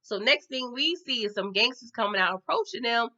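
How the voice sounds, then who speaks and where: With a fairly high, expressive voice that's bright and forceful, a woman talks a little fast while recapping a TV episode for her vlog. She's chatty and slangy, saying y'all to viewers and capping lines with okay. The recording sounds dull and lo-fi.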